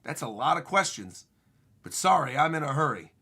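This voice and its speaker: A man reading aloud as a boastful, mysterious male messenger who rides a bug, delivering warnings slowly and ominously. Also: fairly high pitch, sing-song, creaky, sharp tone, slightly rough, full character voice.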